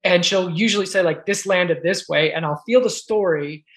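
A man in a casual talk about coaching, thoughtful and earnest, often pausing to find his words. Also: high-pitched. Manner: thoughtful, searching for words, slow earnest phrasing. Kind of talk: reflective conversational talk.

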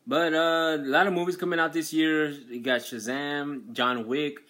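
A man in a casual movie chat, animated and ranting, with heavy swearing. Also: fairly high pitch, unhurried. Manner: animated, swears heavily, rants.

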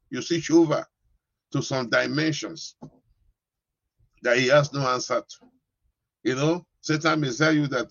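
Husky-voiced preaching man. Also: mid-range voice, moderate pace, pauses often, a bit bright, no echo, dull audio. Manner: preaching with call-and-response commands and speaking in tongues. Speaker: pastor. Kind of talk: sermon.

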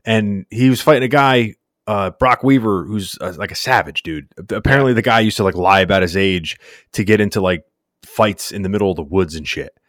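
A man's voice: on the low side, fairly quick, a bit bright, dry recording, studio quality. A man co-hosting a casual sports podcast, laid-back and slangy, rambling through recaps. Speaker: podcast co-host.

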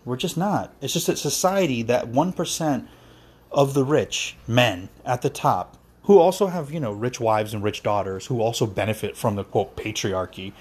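Man, husky voice, heated profane monologue, impassioned, middle pitch. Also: normal speed, a little mellow.

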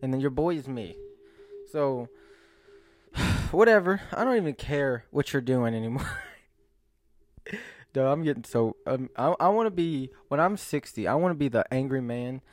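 A man's voice: mid-range voice, animated, normal speed, long pauses, no room sound. A young man vlogging to camera in a rambling, self-mocking monologue, often breaking into laughs and sighs.

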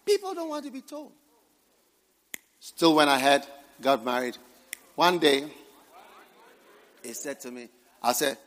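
A man, a bishop preaching a sermon to a congregation, emphatic, with bursts of shouting, laughter and repeated phrases. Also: on the high side, lively intonation, slow, pauses often. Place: church hall with congregation.

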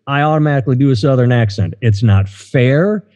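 A man's voice: medium pitch, fairly quick, darkish tone. A middle-aged man hosting a casual podcast, rambling and hesitant with many fillers. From United States. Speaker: podcast host. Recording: dull, lo-fi, in a reverberant room.

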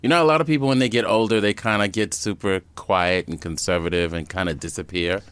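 A man with a very low, deep voice co-hosts a podcast, reacting with enthusiasm in casual conversation. The sound is close and dry, with no room echo. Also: quick pace, a bit bright, clear, resonant tone. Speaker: podcast co-host. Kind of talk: casual chat.

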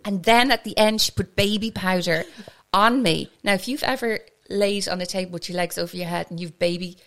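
A woman with a West Cork Irish accent, a podcast guest telling a story in a scattered, animated way and laughing as she goes. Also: medium pitch, a little fast. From Ireland, West Cork. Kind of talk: casual storytelling chat.

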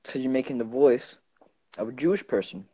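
A man's voice: medium pitch, lively intonation, warm tone, dull audio. A man co-hosting a casual comedy podcast, quizzing his co-host with stammering restarts. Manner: quizzing, stammering, quick to laugh.

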